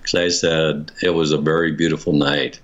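A man's voice: extremely low pitch, level tone, normal speed. An older man being interviewed, telling a personal story in a rambling, casual way, with many restarts and chuckles. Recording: dull lo-fi recording.

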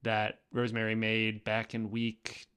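A man co-hosting a podcast in loose, chatty conversation. He has a bright, clear and smooth voice, and he talks with plenty of fillers and restarts. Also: on the low side, monotone, unhurried. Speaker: podcast co-host. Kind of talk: casual chat.

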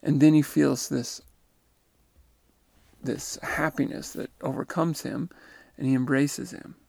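A man's voice: fairly high pitch, fairly even intonation, takes it slowly, creaky, a little mellow, no room sound. A man retelling and reflecting on someone's near-death account in a musing, tentative way. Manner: musing and tentative, often unsure. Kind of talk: reflective spoken commentary.

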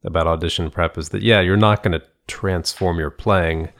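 A man's voice: low-pitched, steady tone, moderate pace, fairly bright tone. A man co-hosting a casual conversation, telling stories in a thoughtful, rambling way with frequent restarts and laughs. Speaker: podcast co-host.

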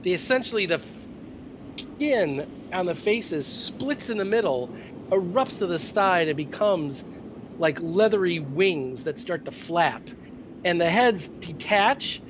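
A man runs a tabletop game, painting scenes in loose, filler-laced narration. His voice sits somewhat high, and the recording is dull and carries a clear hiss of noise. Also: lively intonation, slow pace. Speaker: game master.

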